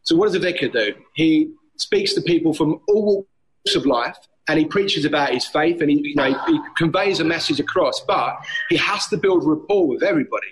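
A man's voice: fairly high pitch, fairly quick, rough recording. A man, a personal trainer and gym owner, chatting on a podcast and acting out gym banter as he tells stories. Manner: animated storyteller, acts out gym banter. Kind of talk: casual podcast chat. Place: outdoors on a street. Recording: faint street noise behind.

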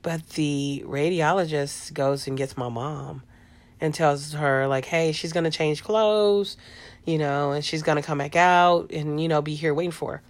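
A woman's voice: low voice, fairly even intonation, measured pace. A middle-aged woman hosting a podcast, telling a personal story in a casual, rambling way with lots of fillers. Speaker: podcast host.

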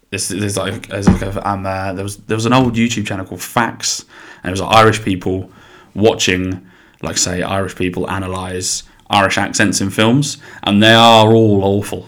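A man's voice: lowish voice, fairly bright tone. A young man with an English accent, hosting a solo podcast in a casual, rambling monologue. He is chatty and blunt, swears freely, and often restarts his sentences.

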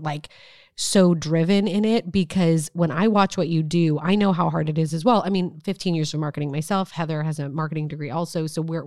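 A woman's voice: low voice, darkish tone, no room sound, clean studio sound. A middle-aged woman co-hosting a podcast, talking casually and heaping enthusiastic praise on her guest. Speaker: podcast co-host.

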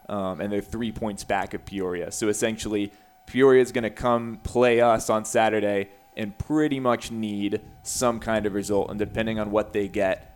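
Low-voiced man talking sports standings. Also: smooth. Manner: informal, thinks aloud with fillers. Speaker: co-host and play-by-play voice. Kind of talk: sports radio talk, detailed standings rundown.

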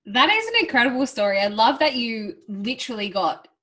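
A woman's voice: fairly high pitch, big pitch swings, fairly bright tone. A woman podcast host reacting enthusiastically to a guest in casual chat. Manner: enthusiastic, quick responses.

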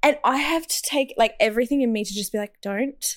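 Young Aussie woman guest, blunt storyteller, higher voice. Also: fast, over a noisy crowd. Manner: blunt, swears freely, acts out quotes. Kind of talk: casual podcast chat.

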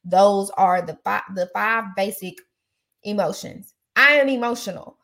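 A woman's voice: medium pitch, measured pace, gravelly, a bit bright. A woman hosting a podcast, chatting casually and giving outspoken, emphatic advice. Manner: outspoken, emphatic, repeats phrases for effect. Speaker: podcast host.

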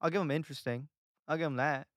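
A man's voice: on the high side, fast talker, no echo, studio quality. A young adult man from New York, a comedian telling stories and ranting in a casual podcast chat. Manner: animated storytelling, rants with rising emphasis. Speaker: comedian guest.

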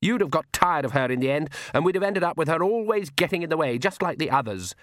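A sneering young female vampire, put on by a man reading a storybook aloud. Her voice sits higher than his own, snide and scornful, with a haughty edge. The sound is dry and close. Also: lively intonation, quick pace, fairly bright tone, no echo.

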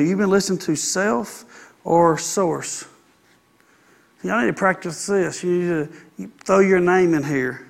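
A middle-aged pastor preaches a folksy, conversational sermon with playful asides. His voice sits high for a man and carries a gravelly, fry-edged grain. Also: unhurried.

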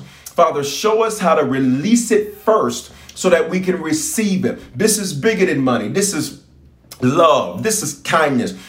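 A man's voice: on the high side, roomy sound. A man who is a bishop, preaching and praying with fervent call-and-response and lots of repetition. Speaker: bishop and pastor.

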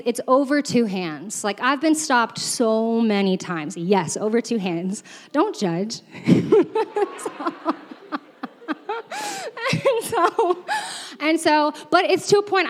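A young woman preaching with a chatty, self-mocking story, laughing often and leaning on fillers. Her voice sits fairly high. Long reverb trails off each phrase, as in a large church hall. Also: lively intonation, slow. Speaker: church staff speaker. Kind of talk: storytelling sermon.

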